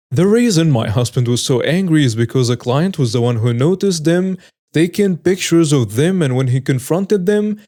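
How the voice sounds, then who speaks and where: A man's voice: fairly high pitch, warm tone. A man reading online stories aloud and adding wry, amused commentary of his own. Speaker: story narrator.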